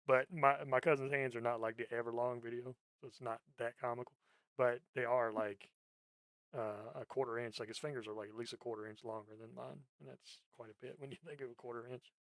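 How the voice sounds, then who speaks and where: Podcast host guy, middle pitch, dry close mic, rambly and cussing a lot. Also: fairly even intonation, normal speed, a bit bright, no echo. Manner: profane, rambling storyteller who laughs a lot. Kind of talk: casual chat.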